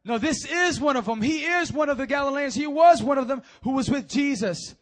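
A man voicing insistent bystanders who accuse someone, loud and pushy. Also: very high voice, brisk, pitched above the performer's own voice.

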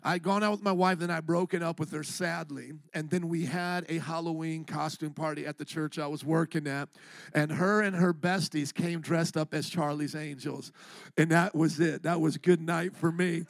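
A man, a pastor, preaching a lively, joking sermon and calling on the congregation to answer back. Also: sits high, moderate pace, no room sound.

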